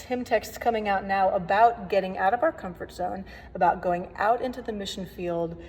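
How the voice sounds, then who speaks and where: A woman organist leads a relaxed workshop lesson on hymn playing, friendly and chatty with playful asides. Her mid-pitched voice rings out in a long, lingering reverb. A faint hiss sits under the recording.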